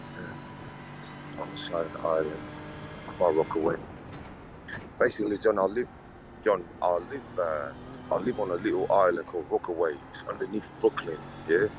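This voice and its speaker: A man's voice: low voice, moderate pace, pauses often, background noise. A man, streaming a racing game and chatting in a rambling, joking way. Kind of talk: casual stream banter.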